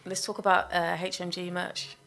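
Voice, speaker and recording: A woman hosts a radio chat in a lowish voice, mostly giving short affirmations and laughing easily. Music is clearly heard behind her. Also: completely flat delivery, moderate pace, fairly bright tone. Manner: brief affirmations, easy laughter. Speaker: radio host. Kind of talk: casual radio interview chat.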